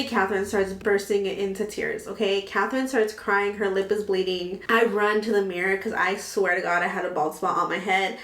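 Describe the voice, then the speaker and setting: A woman in her twenties telling a dramatic storytime vlog, animated and full of swearing. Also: medium pitch. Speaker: vlogger. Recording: echoey room.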